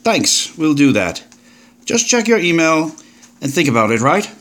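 A man's voice: a little high, big pitch swings, unhurried, fairly bright tone. A man voicing a jaunty British paleontologist. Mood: breezy. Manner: jaunty, breezy, old-fashioned turns of phrase. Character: upbeat British male paleontologist, forty, brash. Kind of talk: audiobook character voice.

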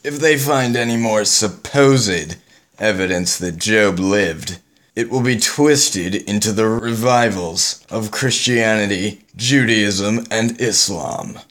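Guy voicing a menacing dictator, low and measured. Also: a bit bright. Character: stern male dictator, menacing and cold.

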